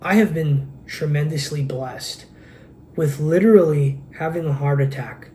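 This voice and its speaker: Male podcast host, earnest rambling monologue, fairly high voice, camera mic with faint hum. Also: measured pace, warm tone. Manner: earnest, rambling, intense, many restarts. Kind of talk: casual monologue. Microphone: camera microphone.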